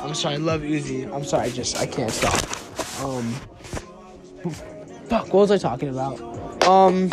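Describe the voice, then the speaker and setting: A man's voice: a little high, normal speed, long pauses. A young man telling a rambling, profane story in a casual way, with lots of fillers and trailing off. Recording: music playing behind.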